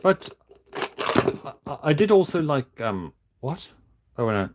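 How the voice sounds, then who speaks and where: A man streaming casually while building toys, talking in a flat, monotone way with many halting restarts. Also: a little high. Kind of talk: casual livestream chat.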